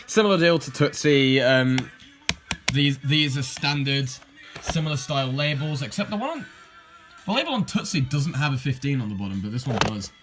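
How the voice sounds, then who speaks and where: An animated young Englishman with a mid-range voice and normal pace shows off his tapes in a loose, casual way. He drifts, corrects himself, and tosses in dry asides over background music.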